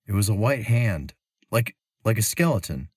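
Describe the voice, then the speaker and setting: A man voicing a gruff, wary male traveler in a storybook reading, curt and brooding. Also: on the low side, very animated, normal speed, darkish tone, no echo, studio quality, pitched above the performer's own voice.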